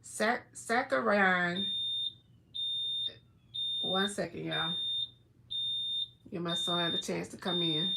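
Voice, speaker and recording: A woman hosting a casual livestream from home, chatting and reading food labels aloud in a drawn-out way with plenty of fillers. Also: lowish voice, gravelly, heavy background noise. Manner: chatty, slow, drawn-out words, many fillers. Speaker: livestream host.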